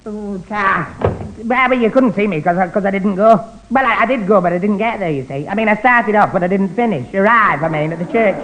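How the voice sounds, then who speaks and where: A man's voice: high-pitched, a little fast, close to an everyday voice. An actor playing a flustered, dim-witted young man who stammers and tangles his words in a 1960s radio comedy. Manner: stammering, flustered, easily muddled. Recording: noisy old radio recording.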